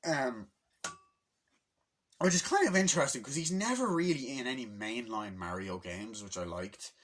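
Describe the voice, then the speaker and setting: A man's voice: mid-range voice, expressive, normal speed, fairly bright tone. A man giving a casual, rambling movie review recap, enthusiastic and swearing freely as he acts out scenes. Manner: loose and rambling with many fillers.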